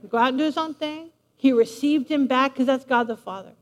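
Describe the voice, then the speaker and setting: High-voiced woman preaching in a big hall. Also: fairly quick. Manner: lively, playful, talks straight to the congregation. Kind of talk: sermon. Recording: long reverb of a large hall.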